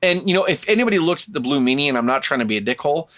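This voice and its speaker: A man's voice: on the high side, expressive, rapid-fire, a bit bright. A man hosting a wrestling podcast, ranting angrily and with a lot of profanity, mocking other people in put-on voices. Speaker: podcast host. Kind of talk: heated casual chat.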